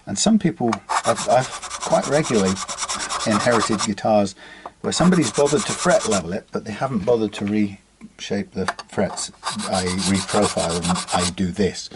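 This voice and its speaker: Low-voiced man chatting over loud filing. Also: moderate pace. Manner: chatty, thinking aloud with many restarts and fillers. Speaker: guitar repair technician. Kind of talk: casual workshop demonstration. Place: workshop bench. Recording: loud workshop filing noise. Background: file rasping and sanding on metal frets.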